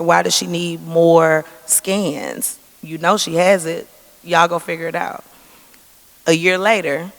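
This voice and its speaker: In a church sanctuary full of long hall reverb, a cancer survivor in her forties shares an earnest testimony, performing the quoted dialogue herself. She speaks in a lowish, creaky voice.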